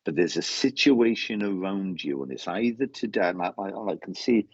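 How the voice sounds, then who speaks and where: A man giving a mediumship reading, halting and repeating his words, calling the sitter mate. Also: low-pitched, animated, breathy edge, dry recording. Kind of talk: casual spoken reading. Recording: dull lo-fi sound.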